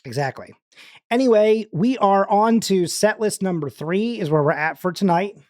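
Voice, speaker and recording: A man's voice: sits high, animated, moderate pace, darkish tone, no echo, clean studio sound. A man hosting a livestream in casual, rambling chat, full of fillers and restarts. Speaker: livestream host.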